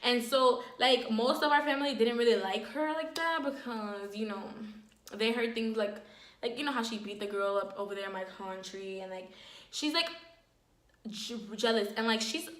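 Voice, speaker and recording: Animated woman telling a story, echoey room. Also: fairly high pitch, normal speed. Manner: animated, filler-heavy, dramatic retelling. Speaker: storyteller, vlogger. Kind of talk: casual storytime vlog.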